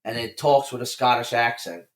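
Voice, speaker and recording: A man guesting on a chatty podcast, recounting folk legends with an even, storytelling delivery. His voice carries a noticeable echo from the room around him. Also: medium pitch, normal speed. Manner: reads folklore facts in an even storytelling way. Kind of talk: casual podcast chat.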